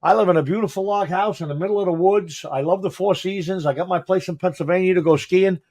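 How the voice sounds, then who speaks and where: Co-hosting a podcast, a fire chief talks casually and meanders through anecdotes, voicing what others said. He speaks fast in a high voice with a darkish tone.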